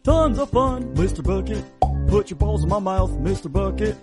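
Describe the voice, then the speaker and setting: A man's voice: sits high, lively intonation, moderate pace. A man singing as a goofy toy mascot. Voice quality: sing-song, goofy. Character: silly male toy mascot singing a jingle. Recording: loud music behind the voice.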